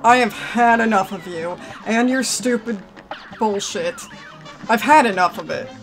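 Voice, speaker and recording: A woman's voice: medium pitch, measured pace, music in the background. A woman commentating a video game, grumbling with exasperation and breaking into sudden outbursts. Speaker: gaming commentator. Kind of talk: frustrated let's-play commentary.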